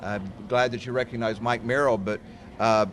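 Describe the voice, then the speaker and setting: Halting man with a mid-pitched voice. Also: steady tone, slight background noise. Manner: halting, many fillers. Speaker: county commissioner. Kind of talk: formal public speech.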